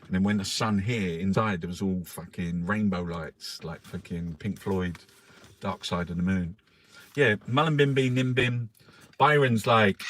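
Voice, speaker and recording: A man hosting a casual newspaper review. He swears constantly, rambles with lots of restarts and fillers, and reads headlines out louder. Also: a little hiss or hum. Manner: louder and higher when reading headlines. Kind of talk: casual live-stream chat, reading headlines aloud.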